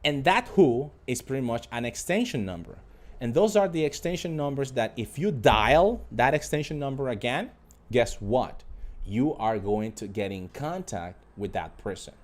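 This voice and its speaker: Man, mid-pitched, live online English teacher, drills phrases over and over. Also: animated, moderate pace. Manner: drills phrases by repeating them; addresses viewers directly as a group.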